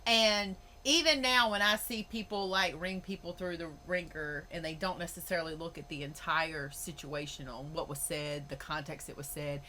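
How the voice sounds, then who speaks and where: Woman podcast host, bright voice, blunt and fired up, cusses a lot. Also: sits low, fairly even intonation, normal speed, few pauses, a little hiss or hum. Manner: blunt, swears freely, heated and emphatic. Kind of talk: opinionated podcast monologue.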